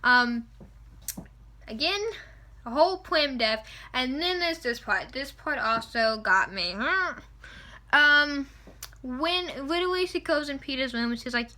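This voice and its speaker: Young woman vlogging, high bright voice, rambly and worked up, right up on the camera mic. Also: measured pace, long pauses. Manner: excitable, rambling, opinionated. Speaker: vlogger reviewing a film. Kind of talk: casual chat. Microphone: camera mic at close range.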